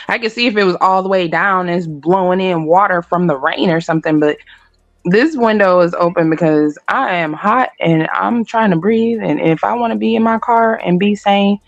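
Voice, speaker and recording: A woman co-hosting a casual chat, spinning animated stories with plenty of swearing. Her voice sits at an ordinary pitch for a woman. The audio is slightly muffled. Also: dry recording. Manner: animated, profane storytelling.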